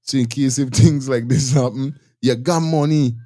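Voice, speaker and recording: A man's voice: mid-range voice, moderate pace, warm tone. A man with a Guyanese accent hosting a casual commentary, talking bluntly and restarting his sentences often. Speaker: host.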